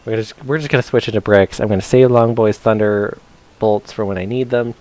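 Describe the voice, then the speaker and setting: A man's voice: fairly low pitch, fairly even intonation, fairly quick, a little mellow. A man casually commenting as he plays a video game, chatty and self-mocking, often talking to the characters on screen. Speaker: streamer. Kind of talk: casual let's-play commentary.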